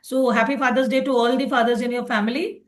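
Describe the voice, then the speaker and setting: A woman's voice: on the high side, steady tone, fast. A woman teaching a phonics lesson online, explaining patiently and checking in with "okay" often.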